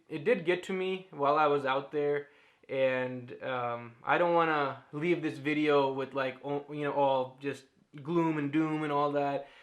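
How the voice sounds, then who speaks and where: In a candid vlog, a man in his thirties opens up to the camera, thoughtful and frequently laughing, with lots of fillers. His voice runs a little high and has a bit of brightness.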